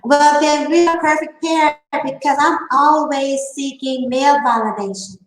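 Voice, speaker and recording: A woman's voice: high voice, fairly even intonation, unhurried, roomy sound, low-quality recording. A woman hosting a casual livestream, talking sarcastically to her chat and laughing often. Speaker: livestream host.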